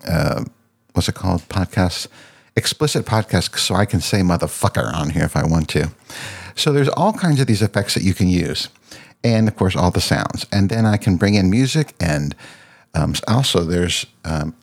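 A low-pitched man in casual podcast chat, speaking into a boom-arm dynamic mic at a home desk. He rambles, interrupts himself and hunts for the right word. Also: slightly rough. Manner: rambling, self-interrupting, searching for words. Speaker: podcast host. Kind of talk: casual gear demo chat.

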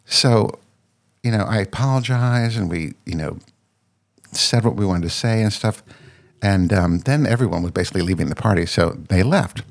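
A man with a very low, gravelly voice hosts a solo podcast. He tells a long personal story in a casual, meandering way, circling back and restarting his sentences as he goes. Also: normal speed. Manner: rambling, with frequent restarts. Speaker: podcast host.

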